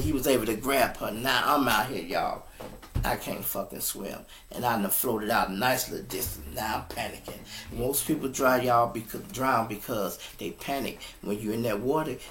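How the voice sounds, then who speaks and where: Sitting at his computer setup, a man casually tells his listeners a story, animated and profane, often addressing them as "y'all." His voice is medium in pitch, with a bit of hiss or hum in the background.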